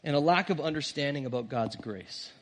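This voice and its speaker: A man's voice: on the high side, a little fast. A man, a pastor giving a sermon in a church and telling stories in a conversational way. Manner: conversational, animated storytelling. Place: church sanctuary.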